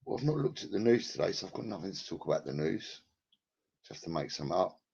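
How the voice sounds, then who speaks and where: Gravelly low-voiced man streaming. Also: sing-song, fast, darkish tone. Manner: rambling, crude and profane, banters with chat by name. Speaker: live-streamer chatting with viewers. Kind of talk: casual live-stream chat. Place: at home in his flat. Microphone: headset. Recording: lo-fi, dull sound.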